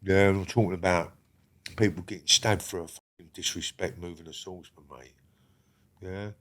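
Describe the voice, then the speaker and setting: A man's voice: sits low, steady tone, moderate pace, a bit bright. An older man, a guest on a podcast, talking bluntly with constant swearing and rambling restarts. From England. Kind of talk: casual interview talk.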